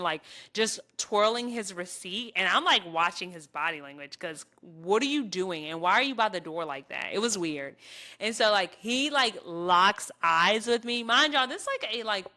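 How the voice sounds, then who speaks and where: Brief: woman, young adult, podcast co-host, animated storyteller with a bright, clear edge. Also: medium pitch. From southern Virginia, US. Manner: animated storyteller, addresses listeners as y'all. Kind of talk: casual chat.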